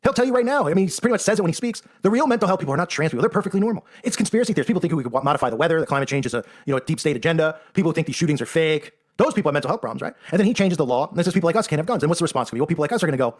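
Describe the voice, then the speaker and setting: A man's voice: fairly high pitch, lively intonation, rapid-fire. A man giving a sarcastic, emphatic monologue, often tagging his points with "right?". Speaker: online commentator. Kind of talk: rapid-fire monologue commentary.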